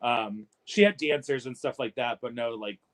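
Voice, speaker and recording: A man's voice: medium pitch, normal speed, fairly bright tone. A man appearing as a guest on a podcast, chatting in a laid-back way. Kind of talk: casual chat.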